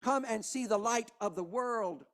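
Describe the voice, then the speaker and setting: A man, preaching a sermon as pastor, impassioned, with hushed passages and rising emphasis. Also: high-pitched, unhurried. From Kentucky.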